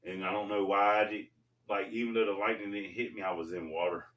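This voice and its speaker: A man's voice: on the low side, fairly even intonation, brisk, a bit bright. A man casually telling a personal story in loose, slangy talk, calling his viewers folks, recorded at a gym. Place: gym during a workout. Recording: roomy, distant mic.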